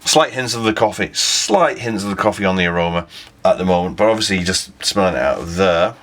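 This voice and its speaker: A man's voice: low-pitched, expressive, quick pace, a bit bright. A man talking casually as he reviews a beer on camera, rambling, correcting himself and chuckling at his own slips.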